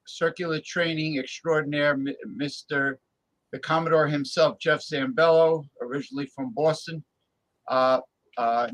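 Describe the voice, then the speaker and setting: In a low-quality recording, a talk show host from New Jersey speaks in a mid-range, slightly bright voice. His casual talk wanders, and he keeps stalling on fillers as he searches for the right words.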